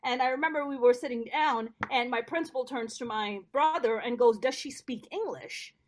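A woman from Pakistan, a guest in a casual interview, telling stories in an animated, joking way. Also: fairly high pitch, fairly quick, slight background noise.

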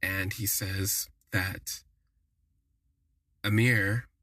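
A man with a low, husky, forceful voice tells a story in a chatty, wry way and leans on casual fillers. The sound is dry and close, with no room around it. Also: fairly even intonation, very slow, no echo. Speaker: podcast host. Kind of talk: casual first-person storytelling.

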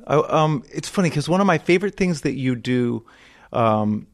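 A man of about fifty hosting an interview podcast. His questions wander and restart as his enthusiasm runs ahead. He is casual and quick to laugh. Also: fairly high pitch, expressive. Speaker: podcast host.

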